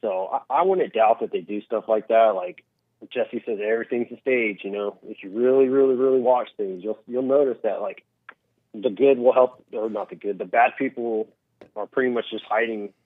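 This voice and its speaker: A man's voice: medium pitch, moderate pace, dry recording. A man calling in to a show, rambling casually and acting out voices in his stories. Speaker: caller. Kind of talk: casual call-in chat. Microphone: phone line. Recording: tinny phone line.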